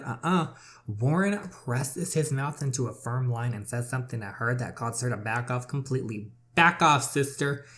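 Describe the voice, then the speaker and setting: A let's-play gamer reading a romance story game aloud with sassy, chatty commentary. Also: mid-range voice.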